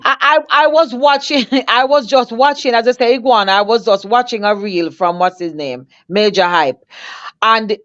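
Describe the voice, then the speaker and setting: A woman's voice: a little high, moderate pace, a bit bright, dry recording, dull audio. A woman co-hosting a casual chat, telling a rambling story with many restarts.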